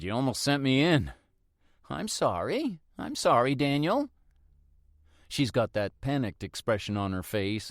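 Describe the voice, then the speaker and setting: A man narrating a first-person mystery audiobook in a steady, reflective manner. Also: on the low side, no echo, clean studio sound.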